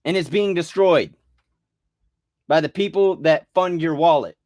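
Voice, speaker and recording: A man's voice: fairly high pitch, measured pace, darkish tone, dry recording, studio quality. A man delivering a rambling, agitated rant full of profanity and restarts. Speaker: vlogger.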